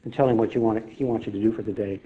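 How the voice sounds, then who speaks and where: A middle-aged man speaks very fast in a fairly low voice with fairly even intonation, preaching a folksy, conversational sermon with personal testimony to his congregation. There's slight background noise, and the lo-fi audio is a bit dull.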